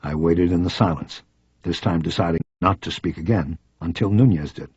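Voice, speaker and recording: A man's voice: sits low, normal speed, a little mellow, husky, no room sound. A man narrating a crime novel in the first person, in a terse, brooding way. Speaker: audiobook narrator. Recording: dry, slightly dull audiobook recording.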